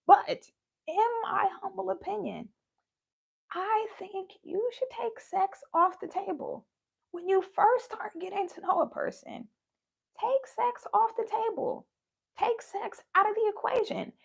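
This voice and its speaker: High gravelly woman talking with passion. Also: a little slow. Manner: emphatic, laughs often, swings from loud to hushed. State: losing her voice. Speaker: spiritual video host. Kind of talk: passionate live talk to viewers.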